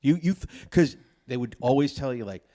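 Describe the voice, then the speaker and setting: A middle-aged man hosting a comedy podcast, telling stories in a profane, animated, casual way. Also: medium pitch, brisk. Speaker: podcast host.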